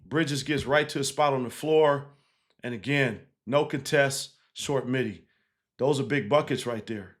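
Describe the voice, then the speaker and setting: A man, a basketball coach, casually breaking down game film, animated and laughing easily, tagging points with 'right?'. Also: medium pitch, measured pace. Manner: animated, keeps checking in with 'right?' and 'again'; laughs easily while explaining.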